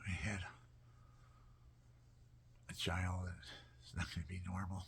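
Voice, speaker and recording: A man telling personal stories in a casual, animated way, often dropping to a near whisper. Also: low voice, unhurried, creaky, long pauses, breathy edge. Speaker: storyteller.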